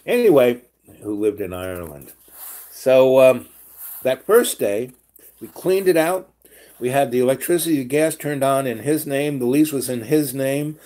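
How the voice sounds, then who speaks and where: A man's voice: mid-range voice, measured pace. New guy rambling through an old story, lots of restarts and side notes. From New York. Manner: rambling, animated, many restarts and asides. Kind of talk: casual spoken storytelling.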